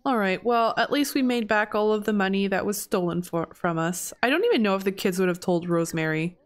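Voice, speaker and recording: A young woman giving casual, chatty commentary over gameplay and reacting loudly in disbelief at surprises. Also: medium pitch, brisk. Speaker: gameplay video host.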